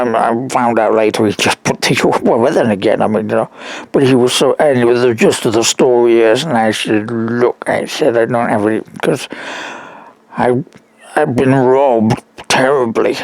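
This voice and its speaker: A weak man speaks in a gravelly, low-middle voice, telling a long story with halting restarts and rambling asides. The sound is dry and close, with no room around it. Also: darkish tone, dry recording, rough recording. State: weak and struggling to breathe. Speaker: caller. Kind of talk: recorded phone call.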